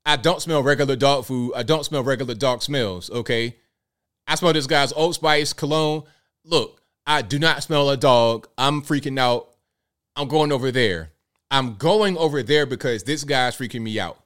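A man voicing a wary male dog who sniffs out a man in a costume, in a slow, deadpan inner monologue. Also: mid-range voice, natural voice.

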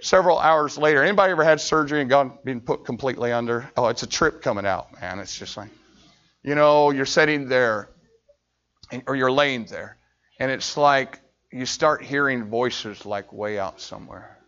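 A middle-aged American man preaching, telling a personal story with animated, acted-out voices and frequent laughter. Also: medium pitch, normal speed. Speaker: pastor. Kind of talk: storytelling sermon. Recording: dull lo-fi recording.

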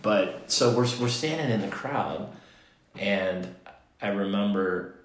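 In an echoey room, a man hosting a podcast tells a long, casual, rambling story, restarting himself and dropping "he's like" asides. His voice is lowish and unhurried, with slight background noise.

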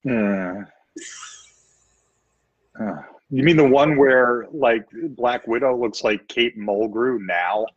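A man's voice: medium pitch, slow pace, long pauses, dry recording, highs cut off. A man co-hosting a casual podcast chat, blunt and opinionated, swearing now and then. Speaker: podcast co-host.

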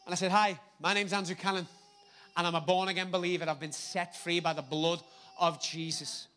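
A man preaching a sermon, animated and jokey, repeating words for emphasis. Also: sits high, a little fast.

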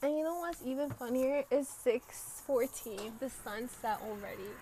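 A woman's voice: high-pitched, normal speed, mellow, slight background noise. A young woman with a runny nose, rambling casually with a lot of slang, swearing and filler words. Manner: profane, slangy, full of fillers. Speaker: vlogger.

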